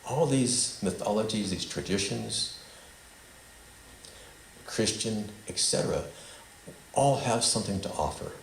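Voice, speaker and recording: Deep gravelly man in an echoey hall. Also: animated, measured pace, long pauses. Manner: meandering, leads call-and-response recitation. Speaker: spiritual teacher. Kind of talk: talk to a small group. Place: meeting hall of a spiritual center. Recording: echoey hall with faint noise.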